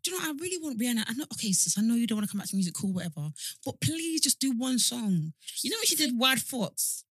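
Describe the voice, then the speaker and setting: A young woman co-hosting a podcast in casual chat, playful, teasing and expressive. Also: fairly high pitch, fast talker, few pauses, slightly rough, dry recording. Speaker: podcast co-host.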